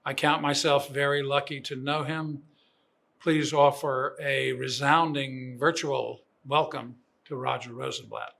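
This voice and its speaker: An older man, a program director, giving formal commencement remarks in a measured, admiring way. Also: medium pitch, little pitch movement, creaky, sharp tone. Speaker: program director introducing the speaker.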